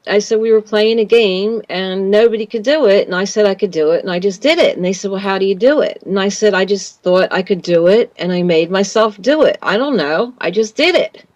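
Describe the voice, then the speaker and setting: A woman's voice: mid-range voice, fairly quick, hardly any pauses, darkish tone, no room sound, muffled recording. A woman guest telling a long personal story in an interview, rambling with fillers and restarts.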